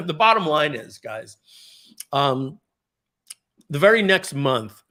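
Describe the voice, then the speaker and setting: A man giving a storytelling speech at a company event, animated and profane, with frequent throat clearing. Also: on the high side, takes it slowly. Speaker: speaker at a company party.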